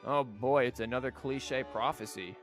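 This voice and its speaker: A man's voice: medium pitch, normal speed, music in the background. A man streaming a video game, giving casual commentary with sarcastic, joking asides.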